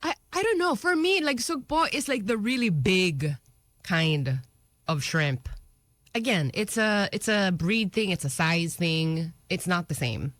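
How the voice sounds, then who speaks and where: A woman's voice: lowish voice, animated, a little slow, a bit bright, no echo. A woman co-hosting a radio show, chatty and easygoing, laughing often. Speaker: radio co-host. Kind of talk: casual radio banter. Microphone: studio microphone.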